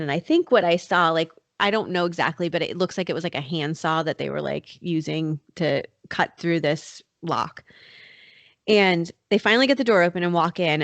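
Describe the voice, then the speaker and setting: A woman with a slightly low voice tells a true-crime story to her co-host in a loose, conversational way, full of fillers. The sound is dry and close, with no room echo. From North Carolina. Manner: chatty, many fillers like "like" and "you know". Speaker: podcast host.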